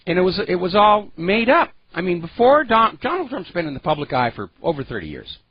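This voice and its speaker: A man's voice: sits high, wildly swooping pitch, fairly quick, lo-fi sound. A man hosting a political talk radio show, delivering an opinionated, sarcastic monologue with heavy emphasis.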